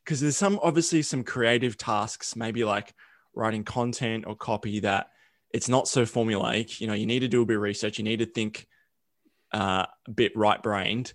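A man's voice: fairly low pitch, moderate pace, no echo, studio quality. Curious man hosting a podcast. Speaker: podcast host. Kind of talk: casual interview chat.

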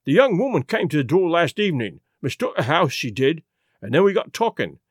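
A man's voice: on the high side, very animated, brisk, slightly rough, no echo, clean studio sound. A man reading a story aloud and voicing a big, penitent police constable who rambles apologetically. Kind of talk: audiobook reading.

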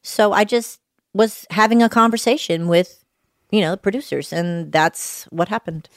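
A woman's voice: medium pitch, normal speed, no room sound, studio quality. A middle-aged woman with a whiny voice, telling stories candidly in a casual interview and swearing freely. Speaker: podcast guest.

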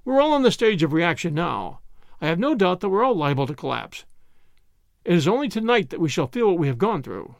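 A man voicing an old professor who speaks in a hurried, faltering way. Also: high voice, very animated, gravelly, no echo, studio quality, heavily acted. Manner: stuttering, stumbling over words.

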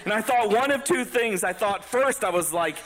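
A man telling a story as a stand-up comedian, animated and laughing between lines. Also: high-pitched, moderate pace.

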